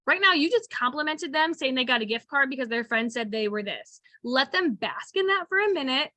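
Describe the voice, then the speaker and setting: A lively woman coaching over a video call, her voice bright and a little high. She talks fast and chatty and slips into acted-out phone scripts. The sound is dry and close. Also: dry recording. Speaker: sales coach.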